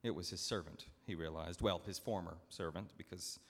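A man's voice: low voice, normal speed. Man telling a story from the pulpit. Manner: dramatic, expressive narration. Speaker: pastor. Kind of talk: sermon storytelling. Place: church sanctuary. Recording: long church hall reverb.

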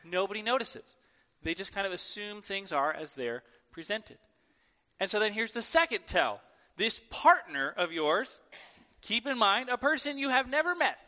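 High, bright male preacher in a hall. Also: moderate pace. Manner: animated, conversational, acts out quoted voices. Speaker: pastor. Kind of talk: sermon. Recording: long hall reverb.

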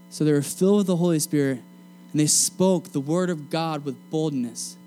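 Casual young male preacher, mellow voice. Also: a little high, a little fast, faint music behind. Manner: casual and energetic, slangy preaching. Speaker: student preacher. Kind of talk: sermon. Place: meeting room.

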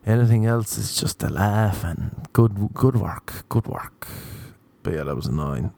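A young man with an Irish accent spins a crude, rambling story in a deadpan delivery. His voice sits on the low side and sounds dry and close, with little room around it. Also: a little slow, creaky, no echo. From Ireland. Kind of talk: storytelling monologue.

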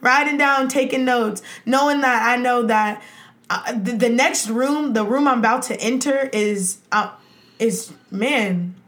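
Gushing excited young-sounding woman guest. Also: fairly high pitch, a little slow. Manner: gushing, exuberant, with frequent laughs and "y'all". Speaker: podcast guest. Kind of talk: excited casual chat. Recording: echoey room.

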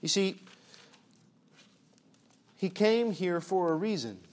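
Preacher, male, high-pitched, emphatic sermon delivery with soft and loud swings. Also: expressive, slow pace. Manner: rhetorical questions.

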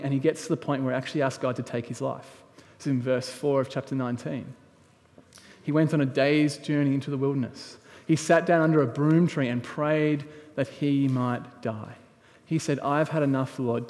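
A male pastor preaching a sermon, telling a story with big swings from quiet to loud. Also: on the high side, big-room sound. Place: church hall.

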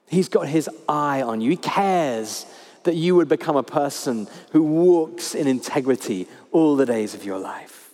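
Animated preaching man in a reverberant hall. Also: on the high side, measured pace. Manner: animated preaching, repeats key phrases. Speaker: pastor. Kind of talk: sermon. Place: church hall.

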